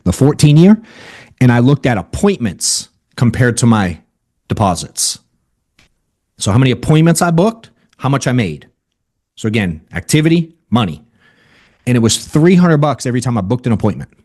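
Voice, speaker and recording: A man giving a casual, energetic sales training over a video call. He talks bluntly and keeps asking "right?" and saying "dude.". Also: mid-range voice. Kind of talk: casual motivational training talk.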